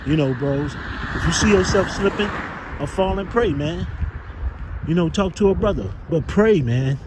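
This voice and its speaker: Recorded outside with plenty of street noise, a street preacher informally urges his brothers on, rambling and cursing as he tries to find the scripture's words. His slightly high voice is expressive and moves at a normal pace.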